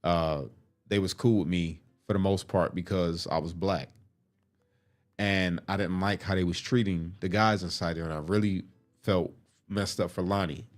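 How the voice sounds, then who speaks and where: Man, lowish voice, animated, swears freely, tells his own story casually. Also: normal speed. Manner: profane, animated, acts out quotes.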